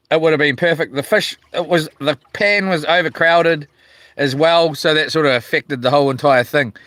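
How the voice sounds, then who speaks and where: A man's voice: a little high, pushed and bright, clean tone, dry recording. A man with a New Zealand accent chatting casually on a live stream from a small boat outdoors, slangy and laid-back as he reads viewer comments aloud. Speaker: livestreaming fisherman.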